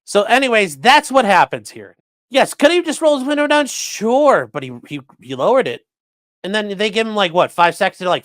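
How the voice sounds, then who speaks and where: A man streaming live commentary in a sarcastic, rambling way, swearing freely. His voice sits somewhat high for a man. The sound is dry and close, with no room around it. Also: very animated, moderate pace, fairly bright tone, dry recording. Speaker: streamer host.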